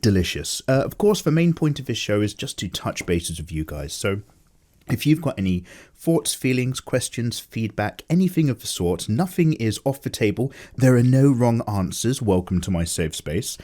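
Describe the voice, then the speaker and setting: A man's voice: medium pitch, big pitch swings, moderate pace, dark tone. A tired man rambling casually and jokily as the host of an unedited chat. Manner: loose, chatty, jokey, many fillers. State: tired, low energy. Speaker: artist and channel host.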